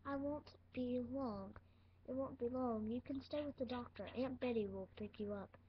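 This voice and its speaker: A woman speaking softly and reassuringly as a parent figure in a toy role-play. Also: fairly high pitch, moderate pace, highs cut off, slight background noise.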